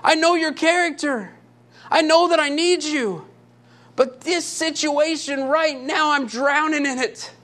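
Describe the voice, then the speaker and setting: A man's voice: very high-pitched, measured pace, a bit bright, pitched above the performer's own voice. A man preaching acts out a desperate father who pleads again and again for his son. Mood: pleading. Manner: pleading, repeating himself.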